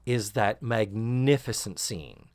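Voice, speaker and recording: A man hosting a podcast, recapping a sitcom episode casually and sarcastically, acting out quoted lines in higher voices. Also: slow pace, dry recording, studio quality. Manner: animated, sarcastic, acts out quotes with rising shrieks. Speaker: podcast host.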